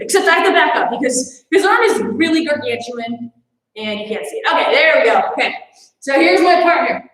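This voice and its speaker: A young woman with a high voice runs an online martial arts class, chatty and playful, laughing as she talks. She sounds like she is in a very echoey room at home. The tone is casual instruction rather than scripted. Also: expressive, normal speed, fairly bright tone. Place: home training space.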